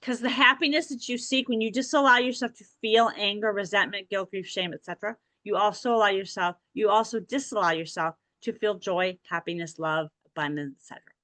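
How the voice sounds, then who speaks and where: Bright-voiced woman podcast host. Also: mid-range voice, a little fast, no echo. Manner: encouraging, direct, repeats "okay?". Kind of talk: motivational podcast talk.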